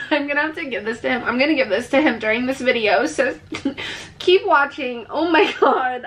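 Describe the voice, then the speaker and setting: A woman's voice: sits high, fairly bright tone, a little hiss or hum. A young woman vlogging casually, gushing and emotional, with many filler words. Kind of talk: casual haul vlog.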